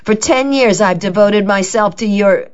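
A woman playing a gruff imperious old woman. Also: mid-range voice, voice pushed up, lightly acted. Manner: blunt, imperious, slow drawl. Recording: dull lo-fi recording.

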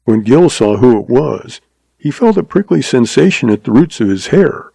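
A man reads a pulp western in a steady, dramatic storytelling voice. His tone is gravelly and dark. The recording is dry and close, with no room sound. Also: mid-range voice, moderate pace, dry recording, low-quality recording. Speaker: audiobook narrator. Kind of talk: scripted narration.

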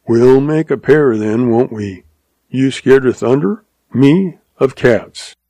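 A man voicing a quiet, steady young cowboy who speaks slowly. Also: medium pitch, no echo. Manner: slow, quiet.

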